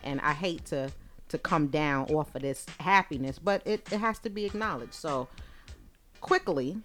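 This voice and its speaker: A woman's voice: low-pitched, bright, forceful tone. A woman co-hosting a podcast in casual chat, playful and slangy, who laughs often. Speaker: podcast co-host.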